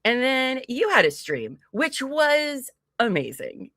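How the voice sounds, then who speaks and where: Bubbly, bright-voiced woman livestream host. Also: high-pitched, huge pitch swings, takes it slowly, dry recording, clean studio sound. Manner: bubbly, giggly, reads chat names aloud. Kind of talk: casual livestream chat, greeting viewers.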